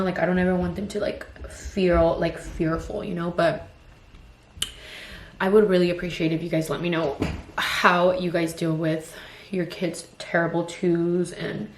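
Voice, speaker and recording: A young woman in her twenties talks about motherhood in a loose, rambling get-ready-with-me vent, full of "like" and "you know". Her voice sits on the low side. The recording is echoey, with a faint ambient hum behind her. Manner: rambling, frank, heavy use of "like" and "you know". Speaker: vlogger and mother of two toddlers. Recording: roomy echo with faint ambience.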